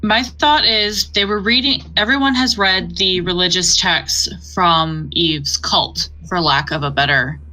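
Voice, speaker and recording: A woman's voice: on the low side, unhurried, hardly any pauses, sharp tone, rough recording. A woman playing a tabletop game, thinking aloud and planning the next move. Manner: thoughtful, planning aloud, laughs often. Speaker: player. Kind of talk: casual tabletop play.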